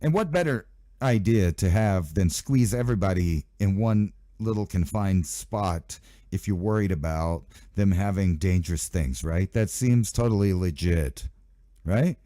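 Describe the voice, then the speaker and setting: Man, channel host, casual news commentary, sarcastic, lively swooping pitch, dry close sound. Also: unhurried, no echo. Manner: rambling, sarcastic asides, mock voices of officials.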